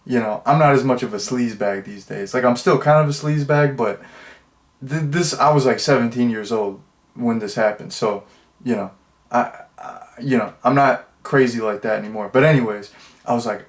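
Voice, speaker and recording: Young man, movie reviewer, casual, rambling, amused, chatty, mid-pitched voice. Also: normal speed.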